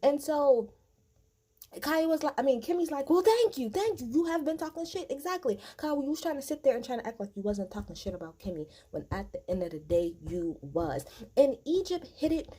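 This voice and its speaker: A woman's voice: on the high side, brisk, breathy edge. A woman hosting a casual reaction video, recapping a reunion show bluntly and acting out what people said. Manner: animated, blunt, swears freely, acts out quotes.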